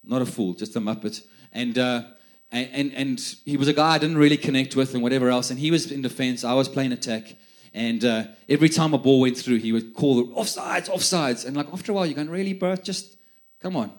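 A man's voice: mid-range voice, fast talker. A middle-aged man preaching a sermon, telling stories in a chatty way and often repeating words as he restarts. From South Africa. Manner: conversational storytelling with many repeated words.

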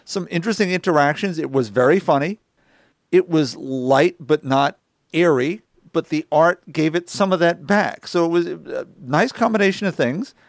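A man co-hosting a casual comic book podcast, giving measured, thoughtful takes. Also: a little high, no room sound, clean studio sound. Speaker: podcast co-host.

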